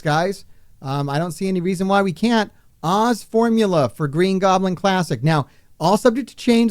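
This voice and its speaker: A man hosting a live game stream, talking to his chat in an excitable, profane, rambling way. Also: on the high side, dry recording, studio quality. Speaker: gaming streamer.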